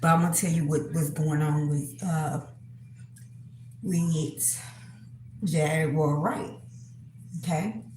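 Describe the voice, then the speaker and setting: A woman talks unhurriedly to her viewers, stopping often, filling gaps with fillers and clearing her throat. Her voice sits a little low. The room around her rings with echo, and a faint hiss of ambience lies underneath. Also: fairly even intonation, takes it slowly, pauses often, darkish tone. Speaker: spiritual reader, channel host. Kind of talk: casual monologue to camera.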